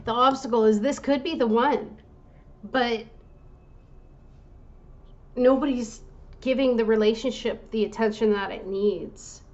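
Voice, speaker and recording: A woman giving a tarot reading to her viewers in a gentle, reassuring way, now and then breaking off to apologize. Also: fairly high pitch, fairly even intonation, a little slow, pauses often, highs cut off. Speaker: tarot reader.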